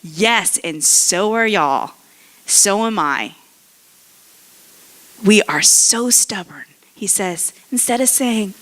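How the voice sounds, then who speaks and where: Woman, pastor, conversational sermon, unhurried pace, voices characters in her telling. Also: mid-range voice, animated, a bit bright.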